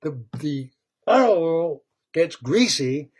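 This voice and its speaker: Brief: husky, unhurried male storyteller, rambling and animated, slightly higher-pitched voice. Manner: rambling, animated, laughs at his own tale. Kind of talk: retelling a cartoon story.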